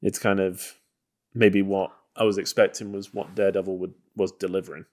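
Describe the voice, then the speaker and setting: A podcast co-host discusses a film casually, hedging loosely and filling his speech with "you know" and "kind of." His voice is low and a little mellow, with little pitch movement and a moderate pace.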